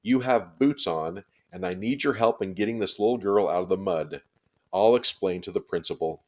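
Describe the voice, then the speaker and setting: A man doing a gentle, firm kindergarten teacher. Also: lowish voice, lively intonation, moderate pace, vocal fry. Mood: urgent. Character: kind, firm young kindergarten teacher woman.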